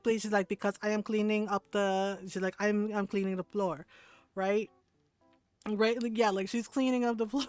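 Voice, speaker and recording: A woman streamer casually telling a long family story, animated and full of "like" and "right?". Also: mid-range voice, dry recording. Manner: animated, many fillers like "right?". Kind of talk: casual storytelling while gaming.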